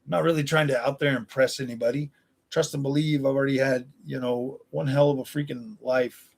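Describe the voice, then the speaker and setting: A man's voice: medium pitch, steady tone, fairly quick, vocal fry. A man in his forties chatting on a live stream, answering viewers in a blunt, combative, profane way. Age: 40s.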